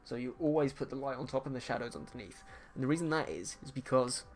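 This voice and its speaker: A man's voice: mid-range voice, fast talker. A man, casually teaching digital painting live while he paints. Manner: relaxed, chatty, talks while painting.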